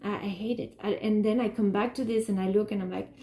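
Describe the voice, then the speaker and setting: A woman talks through her artwork and her feelings in a loose, rambling personal monologue, her thoughts doubling back on themselves. Her voice is mellow and a little gravelly. The room around her sounds echoey. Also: medium pitch, steady tone, quick pace. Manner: rambling, emotional, many restarts and "like". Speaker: artist talking about her work.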